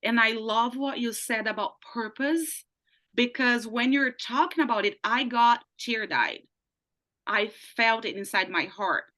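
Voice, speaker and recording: A woman's voice: on the high side, a little slow, bright, forceful tone. A woman from Brazil, a life coach guest telling her story earnestly in casual chat, often adding "right?".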